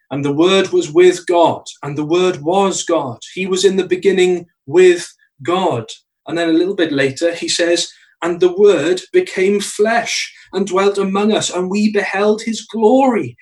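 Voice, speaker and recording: A man preaching a sermon in a church, earnest, slowing down to stress key phrases. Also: a little high, far from the mic, rough recording.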